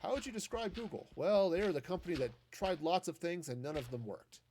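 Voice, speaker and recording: A man's voice: sits high, brisk, a little mellow, slight background noise. A man streaming a game, chatting casually and thinking aloud with many restarts. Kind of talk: casual commentary while gaming.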